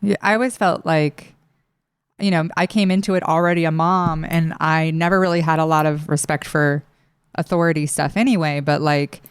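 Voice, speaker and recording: A woman's voice: low voice, steady tone, moderate pace, smooth, no echo, clean studio sound. A middle-aged woman hosting a podcast, talking in a friendly, chatty way and laughing easily. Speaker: podcast host. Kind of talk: casual podcast conversation.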